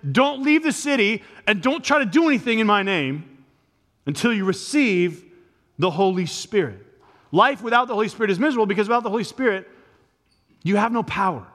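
High-voiced preacher in a reverberant hall. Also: male voice, pushed and bright. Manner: conversational preaching with rising emphatic peaks. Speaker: pastor. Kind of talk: sermon. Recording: long reverb of a large hall.

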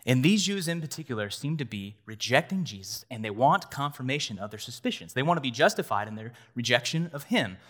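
A man in his thirties preaching a sermon. He talks earnestly and conversationally, with a middle-pitched voice. He leans on his points and turns to the congregation with casual asides. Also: lively intonation, brisk, few pauses, a bit bright. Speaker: pastor.

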